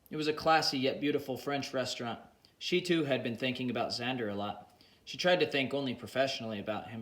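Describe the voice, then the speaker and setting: A man reads a story aloud in a plain, unhurried way. His voice has an ordinary middle pitch for a man. The recording carries a noticeable roomy echo. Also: fairly bright tone. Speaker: audiobook narrator. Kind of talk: audiobook narration.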